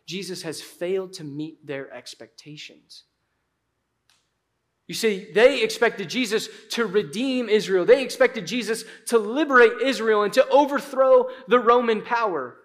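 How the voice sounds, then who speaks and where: A pastor preaching a sermon in an animated, conversational way, dropping into dramatic pauses. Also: male voice, sits high.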